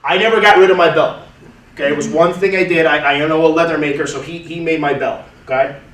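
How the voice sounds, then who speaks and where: A man's voice: on the high side, fairly even intonation, quick pace, fairly bright tone. A man in his thirties talking casually to a group, repeating and restarting words as he goes. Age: 30s. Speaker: testimonial speaker. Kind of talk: casual testimonial talk to a group. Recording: roomy, from far off, faint noise.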